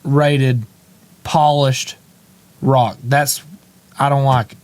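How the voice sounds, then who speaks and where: A young man co-hosting a podcast in casual chat, animated and mocking others with quick jumps up in pitch. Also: dry recording. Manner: animated, mocks voices with big jumps in pitch. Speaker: podcast co-host.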